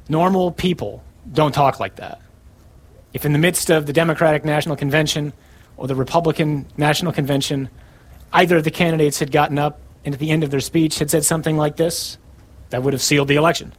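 A man preaching a sermon, reading scripture aloud slowly and with emphasis, his voice a little husky. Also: on the high side. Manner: animated, quotes scripture in a slow emphatic voice.

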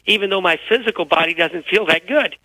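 High bright-voiced guy, energetic storyteller on a radio show, feeling kinda unwell, dry close sound. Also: brisk, dry recording, poor audio. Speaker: guest, author.

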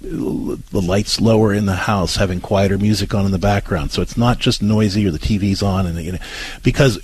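A man's voice: lowish voice, fairly even intonation, brisk, darkish tone, slightly rough, no echo. A man hosting an advice talk show, explaining parenting in an earnest, patient way with frequent restarts.

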